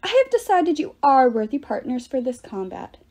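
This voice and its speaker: A woman's voice: high-pitched, very animated, moderate pace, darkish tone, full character voice. A woman voicing a smug, self-satisfied male wine god who speaks in an offhand, lordly way.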